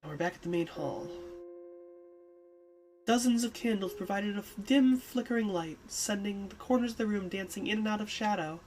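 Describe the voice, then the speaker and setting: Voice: medium pitch, moderate pace, a little mellow, faint music behind. A streamer reading a text game aloud and chatting casually, self-mocking and swearing. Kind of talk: game playthrough narration and commentary.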